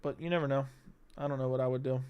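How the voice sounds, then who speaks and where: A man's voice: mid-range voice, fairly even intonation, racing, clean tone, dry recording, dull audio. A young adult man hosting a live stream, chatting casually and profanely while reading out viewer comments. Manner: casual, profane, reads chat comments aloud. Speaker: livestream host.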